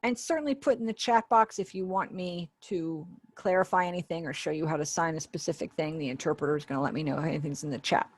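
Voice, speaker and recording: A woman's voice: low-pitched, quick pace, hardly any pauses, no echo. A woman giving the spoken voice of a sign language teacher in an online class, explaining step by step in a conversational way with small asides. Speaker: ASL voice interpreter for a webinar teacher.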